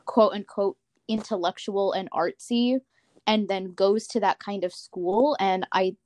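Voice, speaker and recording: A woman's voice: medium pitch, unhurried, darkish tone. A young woman co-hosting a casual chat, arguing her point bluntly with the odd swear word. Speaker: podcast co-host.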